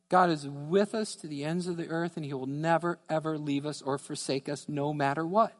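A man with a fairly high voice preaching a sermon from the pulpit. He repeats key phrases for emphasis and drops low on the words he wants to land. His voice rings through a church hall with a long reverb tail. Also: brisk, few pauses. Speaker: pastor. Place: church sanctuary.

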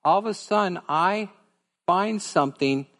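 Delivering a sermon, this pastor has a fairly high, fairly bright voice and talks a little slowly, earnest and conversational as he addresses the congregation directly. The sanctuary around him adds a long reverb.

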